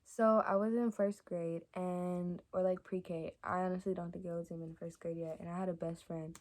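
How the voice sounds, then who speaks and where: A young adult woman vlogger telling stories to camera in a casual, rambling way, with lots of fillers and soft asides. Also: lowish voice, little pitch movement, moderate pace. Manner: chatty and rambling, many fillers like "like" and "y'all". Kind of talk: casual storytime chat to camera.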